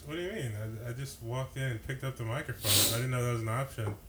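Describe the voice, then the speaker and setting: A man's voice: medium pitch, fast, a bit bright. A man joking in a casual chat with friends, rambling and hesitant.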